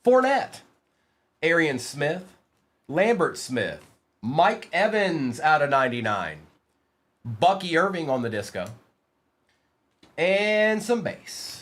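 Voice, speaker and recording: A man's voice: a little high, big pitch swings, slow pace, pauses often, a bit bright. A man hosting a live card-break stream, reading out player names as he opens packs and teasing his chat in a playful way. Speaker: livestream card break host.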